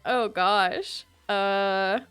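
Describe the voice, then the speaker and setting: A woman's voice: medium pitch, very slow, a bit bright, clean tone, soft background music. A young woman streamer chatting casually to her live audience, giggling and answering chat as she plays. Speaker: Twitch streamer.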